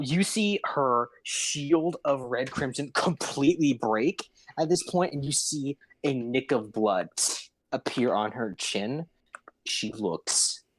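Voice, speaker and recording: A man running a tabletop game as game master, narrating slowly with many fillers and tallying dice aloud. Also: mid-range voice, fairly bright tone, poor audio.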